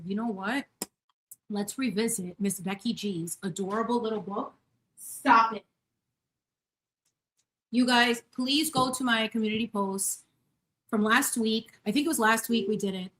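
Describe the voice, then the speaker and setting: A woman's voice: medium pitch, fairly bright tone. A woman in her thirties hosting a casual live stream from her home kitchen, baking and chatting effusively with viewers. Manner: bubbly and effusive, greets viewers by name. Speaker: channel host.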